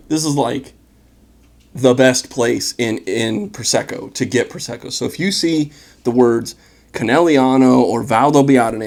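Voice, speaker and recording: A man with a gravelly, slightly fried voice hosts a casual tasting video. He talks in a relaxed, enthusiastic way, full of fillers and asides to the viewer, at an everyday mid pitch. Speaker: wine vlogger. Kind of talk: casual wine tasting chat.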